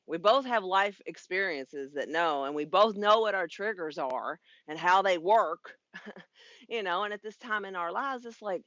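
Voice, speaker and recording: A woman's voice: medium pitch, lively intonation, unhurried, fairly bright tone, no room sound, lo-fi sound. A woman in her fifties, a spiritual life coach, talking frankly and casually on a live stream, swearing freely and laughing often. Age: 50s. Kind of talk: casual livestream monologue.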